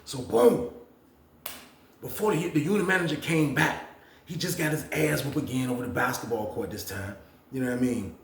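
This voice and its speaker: A man casually telling a story on his channel, slangy and animated, acting out what others said with big jumps in his voice. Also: normal speed, echoey room. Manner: animated, slangy, acts out others' lines with big pitch swings.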